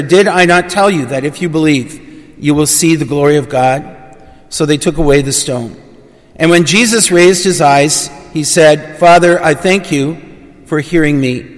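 A man who is a priest, reading the gospel and then giving a conversational homily with fillers and restarts. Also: on the high side. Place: church. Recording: long church reverb.

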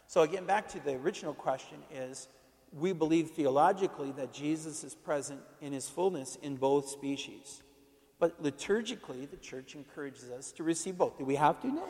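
Gravelly-voiced priest in a reverberant hall. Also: male voice, fairly high pitch, a little mellow. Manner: conversational, emphatic, repeats himself. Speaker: Catholic parish priest. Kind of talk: informal teaching talk.

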